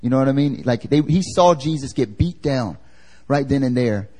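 A man's voice: medium pitch, lively intonation, normal speed, a little mellow. Casual, slangy man preaching a sermon. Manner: casual and slangy, asks the congregation questions. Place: church service.

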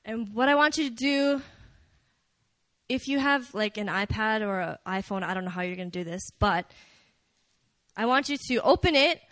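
A young woman giving a casual, story-driven talk at a church prayer meeting, chatty and animated, with many fillers. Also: medium pitch, moderate pace, no room sound. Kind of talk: conversational sermon.

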